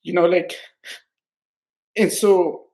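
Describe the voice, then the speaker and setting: A man talks through his ideas on a casual podcast in a voice pitched a touch high. He rambles earnestly, swearing often and looping back with "right?" as he reaches for the next thought, openly heartfelt about what he cares for. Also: fairly even intonation, slow pace, vocal fry, a little mellow. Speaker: podcast co-host. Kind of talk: casual political podcast discussion.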